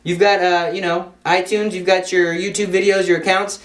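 A man's voice: high-pitched, little pitch movement, normal speed, fairly bright tone. A man preaching an impassioned sermon, driving his points home with repeated rhetorical questions. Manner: emphatic, full of rhetorical questions. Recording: roomy echo.

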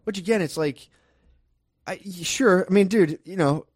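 A man's voice: high voice, moderate pace, no room sound, clean studio sound. A young man in casual chat, telling a story with lots of swearing and acted-out quotes, laughing often.

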